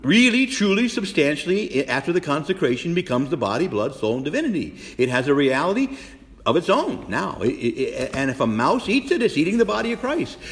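Priest preaching, lively, in a reverberant church. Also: male voice, a little high, fairly quick. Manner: animated preaching, swinging from loud exclamations to hushed whispers; asks the congregation many rhetorical questions. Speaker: Catholic priest. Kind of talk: sermon.

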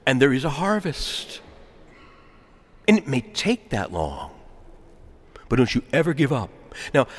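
A male priest preaching a sermon, with a lively voice that swings from high, emphatic bursts to low, quiet asides. He sounds mid-pitched and relaxed in tone. His voice carries a long reverb through a large church. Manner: animated preaching with wide swings, chuckles and asides.

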